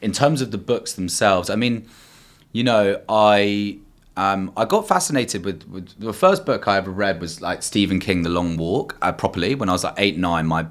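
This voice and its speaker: A man's voice: deep voice, normal speed. A young man, a podcast guest chatting casually, enthusiastic and rambling with many fillers. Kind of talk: casual chat.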